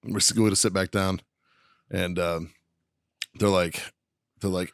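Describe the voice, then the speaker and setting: Swearing, low-voiced podcast storyteller man. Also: measured pace, long pauses, no echo, studio quality. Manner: profane, swears constantly; lively anecdote teller, often breaking into laughter. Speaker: podcast host. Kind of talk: casual storytelling chat.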